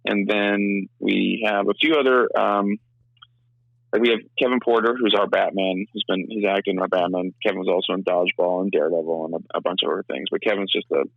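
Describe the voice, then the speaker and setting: A young man giving a casual interview, talking fast in a rambling way full of restarts. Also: low voice, steady tone, gravelly, no room sound, narrow, tinny audio. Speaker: filmmaker and actor, interview guest.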